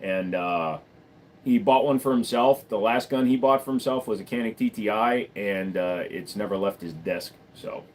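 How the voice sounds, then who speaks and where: A man's voice: on the low side, normal speed, a little hiss or hum. Rambling casual male livestream host. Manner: rambling, joking, talks to his dog between topics.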